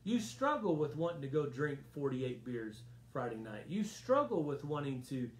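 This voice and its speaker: A man's voice: mid-range voice, very animated, moderate pace, roomy sound, a little hiss or hum. A man preaching a sermon as a pastor, earnest and emphatic, often repeating his phrases. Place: church sanctuary.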